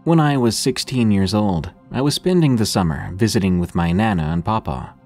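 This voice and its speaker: Deep-voiced male horror narrator. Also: expressive, moderate pace, a little mellow, soft background music. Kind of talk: scripted horror story narration.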